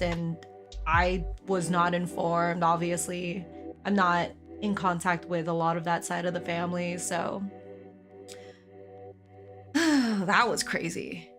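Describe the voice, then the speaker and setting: Chatty hoarse young woman streamer. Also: medium pitch. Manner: animated storytelling, laughs often, swears casually. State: hoarse from karaoke. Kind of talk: casual chat to a live stream.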